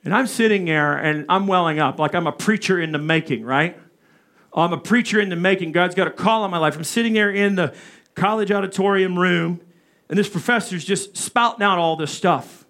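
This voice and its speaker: A male preacher telling a personal story in a sermon, animated and speaking asides to his listeners. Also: a little high. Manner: animated, acts out quoted voices, asides to the audience.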